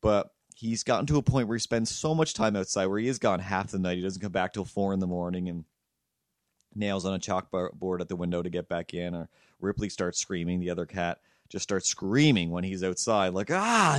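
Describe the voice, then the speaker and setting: A man's voice: deep voice, fairly even intonation, a little fast, no room sound, clean studio sound. A man hosting a podcast, telling a rambling, profane story in casual chat. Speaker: podcast host.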